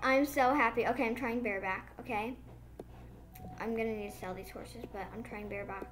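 A woman giving excited, casual commentary on her game, gushing and babbling breathlessly into a phone mic. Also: a little high, fairly quick, faint music behind. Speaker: gaming vlogger.

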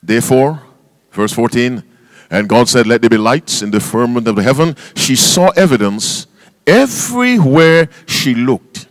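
Here a man preaches with lively intonation in a mid-range voice, a little slow, with no echo. As a pastor giving a sermon, he quizzes the congregation through call and response, reads King James scripture with emphasis, and spells out words for stress.

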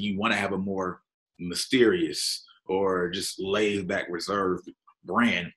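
A man hosting a casual interview, talking in a relaxed, conversational way and laughing easily. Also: lowish voice. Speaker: interviewer, podcast host.

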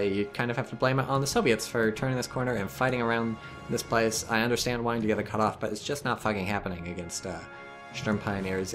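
A man's voice: on the low side, a bit bright. A man casually commentating a strategy game replay, analytical and wry with frequent swearing. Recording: game music and gunfire behind.

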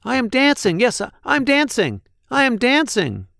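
A man's voice: mid-range voice, wildly swooping pitch, normal speed, a bit bright, no room sound, clean studio sound, exaggerated voice. A man reading a storybook aloud, voicing a shy, gangly young male giraffe who speaks timidly. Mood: joyful.

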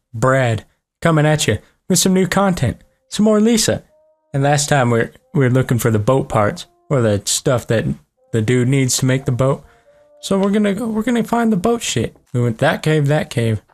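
Young male let's-play host, middle pitch, brash, profane, excitable. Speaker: gaming channel host. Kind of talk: casual let's play commentary.

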